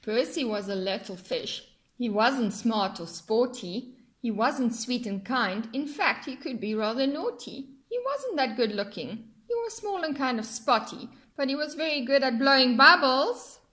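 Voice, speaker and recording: Lady reading a rhyming kids book, high lively voice, takes it slow. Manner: sing-song, expressive. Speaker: storyteller.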